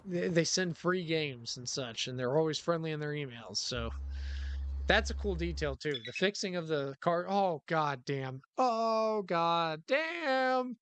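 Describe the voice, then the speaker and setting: A man streaming a driving game live, rambling in casual commentary, sarcastic and quick to swear. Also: a little high, animated, fairly bright tone, low-quality recording.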